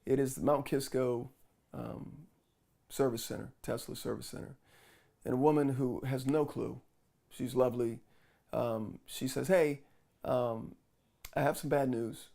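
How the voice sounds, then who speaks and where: A man's voice: mid-range voice, measured pace, creaky, long pauses. A man vlogging, casually retelling a frustrating story with lots of quoted back-and-forth. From New York. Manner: animated retelling with quoted dialogue.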